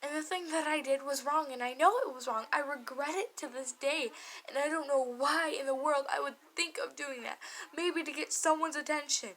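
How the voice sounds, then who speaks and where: Bright high-voiced woman telling a story. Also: steady tone, normal speed, low-quality recording. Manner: emotional, candid, swears often. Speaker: vlogger. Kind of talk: confessional storytime vlog.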